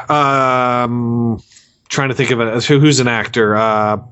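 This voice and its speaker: A man's voice: mid-range voice, steady tone, slow, bright, forceful tone, clear, resonant tone, muffled recording. A man co-hosting a casual movie review podcast, rambling and earnest, often stammering and repeating words. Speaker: podcast co-host.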